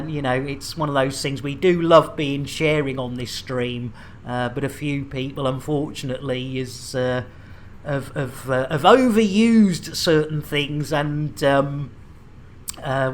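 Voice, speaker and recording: A man's voice: medium pitch, fairly even intonation, measured pace, slight background noise. A man chatting to viewers while streaming a space game, jokey and chatty. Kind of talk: casual game streaming chat.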